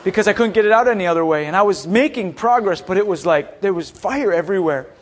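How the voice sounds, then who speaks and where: A young man preaching through a funny, animated story, acting out quoted voices with bursts of shouting and laughter. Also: sits high, quick pace. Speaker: speaker at a school chapel. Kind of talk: storytelling sermon.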